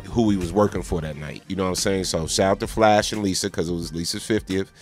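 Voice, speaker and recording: A man's voice: sits low, fast talker, soft background music. A man co-hosting a talk radio show, telling stories in a laid-back, conversational way. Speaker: co-host and DJ. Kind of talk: casual talk radio storytelling.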